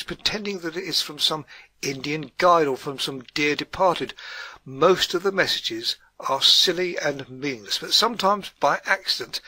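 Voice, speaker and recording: A man's voice: fairly high pitch, pushed and bright, no room sound. A man doing an earnest German housewife. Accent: put-on German. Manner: earnest, lecturing. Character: stern German housewife, middle-aged woman.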